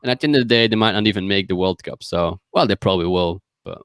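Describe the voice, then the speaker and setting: Low-voiced man ranting on a podcast. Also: quick pace, hardly any pauses, a bit bright, clean tone, no echo. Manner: rambling, exasperated, lists names. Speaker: podcast co-host. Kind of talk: casual podcast chat.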